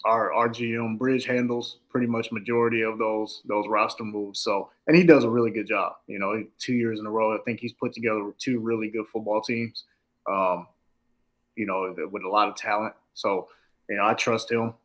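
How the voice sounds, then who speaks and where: A man in his thirties, a football coach, talking easily and calmly as a podcast guest. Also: fairly low pitch, moderate pace, poor audio. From Los Angeles. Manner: laid-back, easygoing, some stammering restarts. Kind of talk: casual interview chat.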